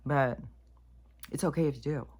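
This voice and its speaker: A woman's voice: a bass voice, normal speed, darkish tone, slightly rough. A woman giving a casual spiritual monologue to camera in a blunt, profane, rambling way. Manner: plain-spoken, calls herself raunchy. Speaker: spiritual vlogger.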